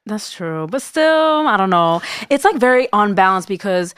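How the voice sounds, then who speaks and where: A woman's voice: mid-range voice, big pitch swings, moderate pace, fairly bright tone, smooth, no room sound, studio quality. A woman co-hosting a podcast in casual chat, frank, swearing and laughing often. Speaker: podcast co-host.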